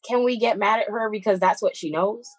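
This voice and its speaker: A young woman, co-hosting a casual podcast chat in an animated, opinionated, slangy way. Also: medium pitch, brisk, no echo, poor audio. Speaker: podcast co-host.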